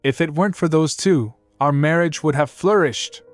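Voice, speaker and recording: A man's voice: fairly high pitch, normal speed, faint music behind, voice pushed up, natural voice. A man voicing a groveling, scheming young king who pleads and pushes. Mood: shouting. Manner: pleading, whiny, pushy.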